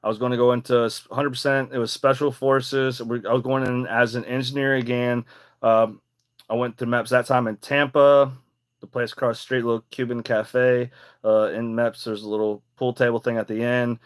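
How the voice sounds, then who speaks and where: Young male podcast host, mid-pitch, rambling and emphatic, swears casually. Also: little pitch movement, moderate pace, clear, resonant tone. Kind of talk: casual personal storytelling.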